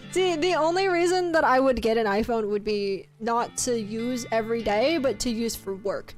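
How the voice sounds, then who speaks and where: Bubbly high-voiced woman streamer. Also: measured pace, faint music behind. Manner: bubbly, chatty, laughs often, teasing. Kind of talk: casual live-stream chat.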